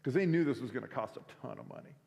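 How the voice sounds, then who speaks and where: A man tells a story to students in a relaxed, chatty way, full of fillers. His pitch sits at an average level. A long hall reverb surrounds his voice. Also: rapid-fire, creaky. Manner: casual, conversational, many fillers. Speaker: week of prayer speaker. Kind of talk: sermon storytelling. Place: school chapel or auditorium. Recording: echoey hall.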